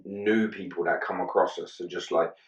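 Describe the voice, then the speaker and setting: A man's voice: low-pitched, steady tone, normal speed. A man hosting a casual podcast chat, candid and sweary, acting out snatches of dialogue. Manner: candid, swears freely, acts out bits of dialogue. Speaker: podcast host. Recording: echoey room, distant muffled mic.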